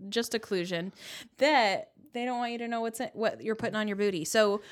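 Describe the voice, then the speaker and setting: A woman co-hosting a podcast in a casual chat, teasing and laughing often. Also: medium pitch. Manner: giggly, teasing, quick to laugh. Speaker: podcast co-host.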